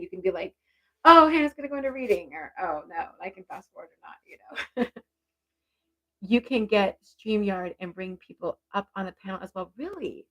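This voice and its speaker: A middle-aged woman working as a medium on a live stream, chatting warmly with many fillers and restarts. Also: lowish voice. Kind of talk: live-stream reading and chat.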